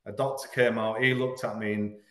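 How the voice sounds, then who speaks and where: A man from Hull, frankly telling a painful personal story as a podcast guest, halting at the hardest moments. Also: lowish voice, little pitch movement, fairly bright tone, echoey room. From Hull, England. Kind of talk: candid personal storytelling in an interview.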